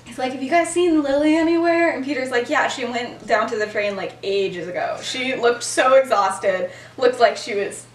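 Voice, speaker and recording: A woman's voice: fairly high pitch, moderate pace, hardly any pauses, far from the mic, a little hiss or hum. Giggly young woman retelling a story. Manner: giggly, animated, lots of fillers. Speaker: podcast host telling the story. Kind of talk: casual storytelling chat. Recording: echoey room, voice off-mic.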